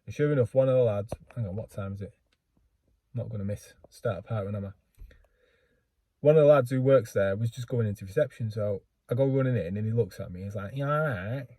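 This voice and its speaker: Speaking fairly quickly in a lowish, mellow, slightly husky voice, a book vlogger casually rambles through a self-deprecating story for his viewers, often stopping and starting over. The recording is close and dry, without room echo.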